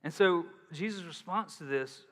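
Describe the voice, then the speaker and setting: A man preaching a sermon as pastor, in a casual, animated way, acting out quotes. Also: fairly high pitch, normal speed. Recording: long hall reverb.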